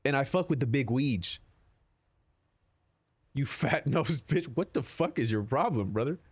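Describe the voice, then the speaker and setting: A man's voice: mid-range voice, lively intonation, unhurried, breathy edge, no room sound. A young man streaming live, chatting casually with his viewers in a rambling, profane, joking way. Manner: rambling, profane, jokey, answers chat.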